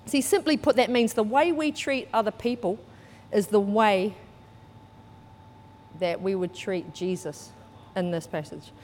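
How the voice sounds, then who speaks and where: Lively New woman preaching in a hall. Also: medium pitch, a little slow, long pauses, a little hiss or hum. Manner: lively storytelling, acts out quotes, laughs often. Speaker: church speaker. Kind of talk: sermon with personal story.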